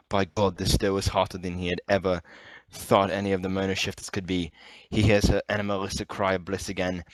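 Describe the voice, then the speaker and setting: A man's voice: deep voice, no echo, low-quality recording. A man narrating an amateur story reading, stumbling over words now and then. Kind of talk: amateur reading of erotic fiction.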